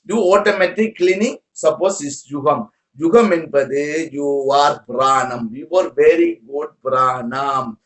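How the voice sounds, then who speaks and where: A man giving a spiritual talk to a group in halting, repetitive English. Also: high voice, fairly bright tone, echoey room. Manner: broken English, repetitive, rambling. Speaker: spiritual teacher.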